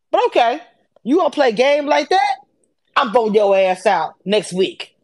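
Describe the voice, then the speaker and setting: A woman hosting a casual live audio chat about reality TV, animated and sassy. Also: normal speed. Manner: animated, sassy, acts out quotes with swings in pitch. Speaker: host of a reality TV discussion space.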